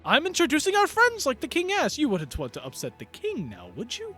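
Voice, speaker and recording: A man's voice: extremely high pitch, huge pitch swings, fairly quick, sharp tone, faint music behind, pitched above the performer's own voice, full character voice. A man voicing a cheeky, smug young adventurer who teases in a sing-song way. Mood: teasing.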